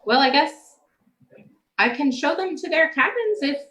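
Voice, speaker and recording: A woman voicing a flirtatious male elf first mate who lingers over effusive, drawn-out compliments. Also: extremely high pitch, animated, sharp tone, pitched above the performer's own voice, exaggerated voice, low-quality recording. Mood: gushing.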